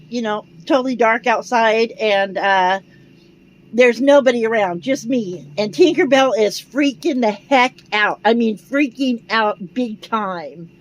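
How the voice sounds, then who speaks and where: An older American woman, a vlogger, telling a rambling, animated story in a casual way. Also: fairly high pitch, poor audio. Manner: rambling, animated, retells dialogue.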